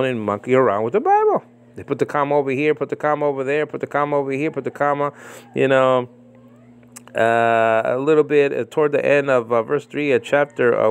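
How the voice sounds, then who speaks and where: A man giving casual spoken commentary on a religious debate, animated and mocking, with many fillers and repeated phrases. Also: mid-range voice, creaky, clean tone. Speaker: Bible commentator. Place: living in the Philippines.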